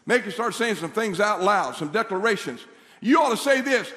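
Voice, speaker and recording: Male pastor, high bright voice, animated sermon delivery, long church-hall reverb. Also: quick pace. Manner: animated storytelling, acts out voices, rising to shouted declarations.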